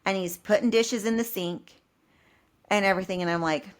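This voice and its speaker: Co-hosting a podcast, a middle-aged woman tells a story about home, laughing and acting out the quoted lines. Her pitch is medium and she speaks fairly quickly, in a lively, chatty way.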